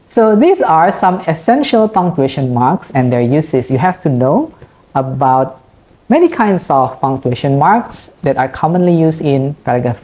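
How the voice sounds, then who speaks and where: In a recorded online class, a woman lecturer with an Indonesian accent explains punctuation, slowly repeating each example in a low, warm voice.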